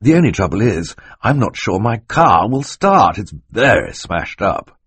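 A man's voice: on the low side, sing-song, a little slow, breathy edge, no room sound, voice pushed up, heavily acted. A man reading an audiobook voices a fussy, well-meaning middle-aged banker who talks in a polite, flustered way.

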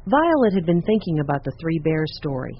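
Male audiobook narrator, husky and a bit gravelly, dull lo-fi sound. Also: on the high side, big pitch swings, fairly quick. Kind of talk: scripted narration. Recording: dull lo-fi recording.

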